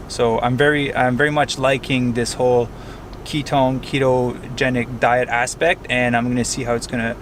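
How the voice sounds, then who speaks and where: A man's voice: medium pitch, noisy background. A young man chatting casually to camera in a vlog, talking through an indoor cycling workout and then his meals. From Quebec. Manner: chatty, talks while cycling on indoor trainer. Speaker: vlogger. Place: indoor cycling studio, then car and kitchen.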